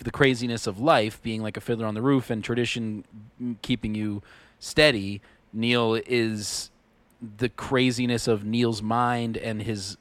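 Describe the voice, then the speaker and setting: A man's voice: on the low side, no echo. A man co-hosting a podcast, talking casually about music, rambling with restarts and frequent swearing. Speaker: podcast co-host.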